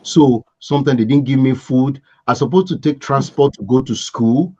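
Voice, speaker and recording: Brief: forties man from Africa, guest, lively storytelling, muffled middle voice. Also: medium pitch, normal speed, husky. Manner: animated storyteller, laughs and acts out scenes. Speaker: podcast guest, entrepreneur. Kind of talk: casual storytelling interview. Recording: dull lo-fi sound.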